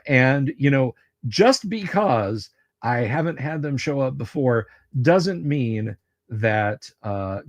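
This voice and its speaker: A man's voice: mid-range voice, dry recording, highs cut off. A man running a tabletop game on a livestream, talking in a casual, friendly way and often repeating words as he goes. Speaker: game master.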